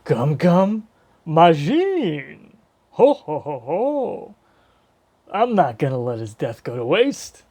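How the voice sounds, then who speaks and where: A man's voice: fairly high pitch, wildly swooping pitch, takes it slowly, a little mellow, exaggerated voice. A man doing a playful impression of a jolly male genie with a big laugh. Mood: jovial.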